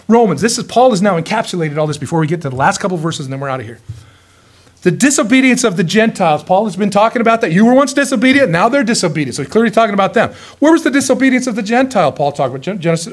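A middle-aged man preaching a sermon, sarcastic and full of rhetorical questions, swinging from loud bursts to hushed asides. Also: high-pitched, big pitch swings, very fast.

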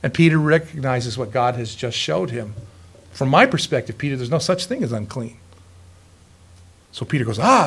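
A male pastor preaching a sermon in a folksy, joking way, telling stories lively and chuckling often. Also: mid-range voice, slightly rough. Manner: lively storytelling.

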